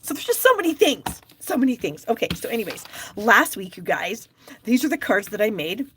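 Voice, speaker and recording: A woman's voice: a little high, sing-song, brisk, fairly bright tone, slight background noise. A middle-aged woman hosting a live stamping class, chatting casually, reading viewer comments aloud and laughing often. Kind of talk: casual live-stream chat.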